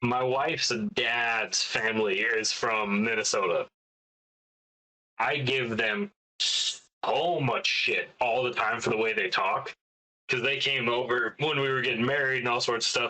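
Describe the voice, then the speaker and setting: A man's voice: medium pitch, bright, forceful tone, rough recording. A man from Utah, a podcast co-host, telling profane, joking stories in casual chat.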